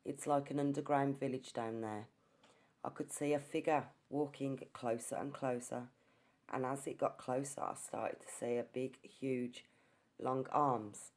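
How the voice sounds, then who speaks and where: A woman's voice: a bass voice, fairly even intonation, measured pace, a little mellow. A woman narrating her ghost-hunting experience in an earnest, storytelling way, sometimes restarting her words. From England. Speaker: ghost hunter. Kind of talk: narrated ghost-hunt account.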